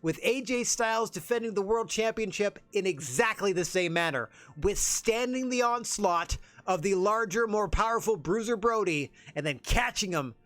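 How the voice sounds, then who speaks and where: A gravelly, booming wrestling announcer, put on by a man for a video game stream, pitched high and punching out dramatic play-by-play calls. Every move gets the full ringside treatment, hyped and theatrical. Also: normal speed, fairly bright tone, no room sound. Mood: excited.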